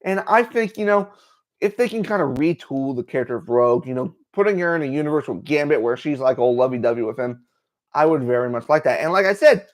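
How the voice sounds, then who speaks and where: A man hosting a livestream. He chats casually and excitably, with many fillers. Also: mid-range voice, fast. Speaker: host.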